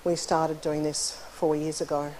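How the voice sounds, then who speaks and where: A middle-aged woman speaks in a lowish, mellow voice from the stage of a university lecture hall. Her delivery is friendly and conversational, and she pauses now and then to clear her throat. A faint hiss of room noise sits behind her. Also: little pitch movement. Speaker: conference keynote speaker, psychologist.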